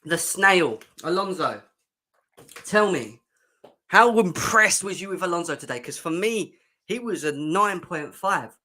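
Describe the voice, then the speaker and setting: A man's voice: sits high, lively intonation, unhurried, pushed and bright. A young man hosting a fan livestream, chatting sarcastically and reacting to comments from the chat. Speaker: fan show host.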